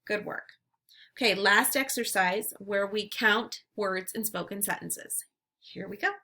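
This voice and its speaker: Woman teacher, bright voice, slow deliberate delivery for a phonics drill. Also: medium pitch. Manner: slow, clearly enunciated word drills. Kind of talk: phonemic awareness lesson drill.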